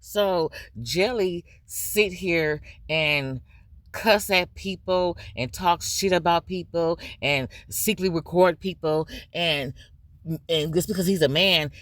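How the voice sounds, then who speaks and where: Blunt, profane woman ranting slowly. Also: deep voice, no room sound. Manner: blunt, profane, drawn-out emphasis. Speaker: commentary channel host. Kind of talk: profane drama commentary rant.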